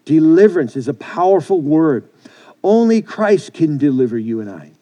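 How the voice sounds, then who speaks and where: A man's voice: a little high, sing-song, moderate pace, dark tone. A man preaching a sermon as pastor, earnest and repetitive, often restarting his phrases.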